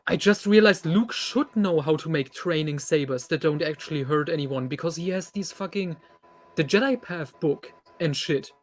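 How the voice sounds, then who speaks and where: A man's voice: a little high, normal speed. A man hosting a casual chat, blunt and swearing casually.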